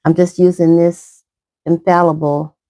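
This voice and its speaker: Slow, mellow-voiced woman chatting. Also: fairly low pitch, level tone, dry recording. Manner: rambling, chatty, talks while applying makeup. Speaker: makeup vlogger. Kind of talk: casual makeup tutorial chat.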